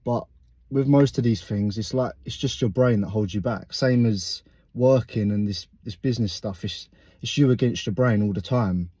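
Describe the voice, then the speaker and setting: A man's voice: on the low side, moderate pace, warm tone, husky, dry recording. A young man vlogging after a workout, a bit out of breath, talking in a rambling, self-critical, reflective way. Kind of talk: casual vlog monologue.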